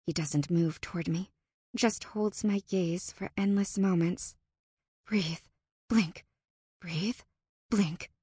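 A woman narrating a first-person fantasy audiobook in an expressive, tense and dramatic manner. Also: lowish voice, slow, breathy edge, dry recording, clean studio sound.

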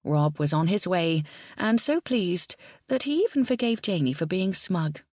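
Casting: woman narrator, low pitch, dry close recording. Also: lively intonation, measured pace, darkish tone, no echo. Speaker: audiobook narrator. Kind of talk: scripted narration.

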